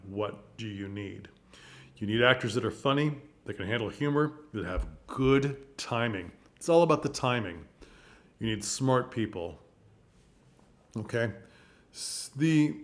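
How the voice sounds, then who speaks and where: A man hosting a theater channel, giving chatty, encouraging advice. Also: medium pitch. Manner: chatty, coaching, encouraging, with rhetorical questions. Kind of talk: casual advice monologue.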